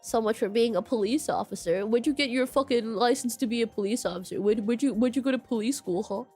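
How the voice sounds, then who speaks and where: A woman's voice: on the high side, quick pace, a little mellow, husky, soft background music. A young woman streaming a story game, commenting casually, exasperated and swearing often, saying "question mark" aloud.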